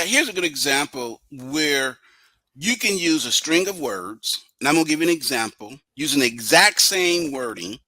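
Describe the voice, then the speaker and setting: A man co-hosting a podcast as a business coach, an animated storyteller who acts out the dialogue of his examples. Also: medium pitch, no echo, poor audio. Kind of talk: conversational podcast talk.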